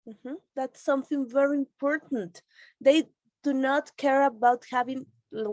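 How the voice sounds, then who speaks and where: A woman's voice: sits high, no room sound. Woman hosting an online teaching meeting. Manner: explanatory, reassuring. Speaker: meeting host. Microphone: video call.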